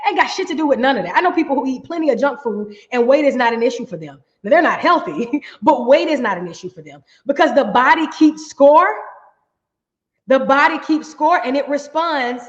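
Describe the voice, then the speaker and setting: Middle-aged woman, workshop coach, emphatic and conversational, slightly high voice; dull, roomy recording. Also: animated, a little fast. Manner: emphatic, repeats "right?". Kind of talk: healing workshop talk. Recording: echoey, dull room sound.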